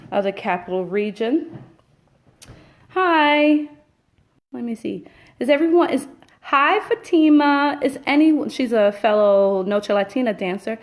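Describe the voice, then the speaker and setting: A woman's voice: medium pitch, moderate pace. Chatty woman hosting a live stream. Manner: chatty storyteller, many fillers. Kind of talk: casual chat. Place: home. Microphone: webcam or phone, live stream.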